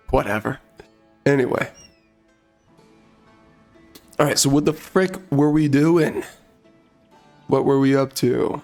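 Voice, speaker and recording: A man giving casual gameplay commentary, ranting bluntly in a hoarse voice and dropping mild minced swears. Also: medium pitch, slow, pauses often, a little mellow, faint music behind.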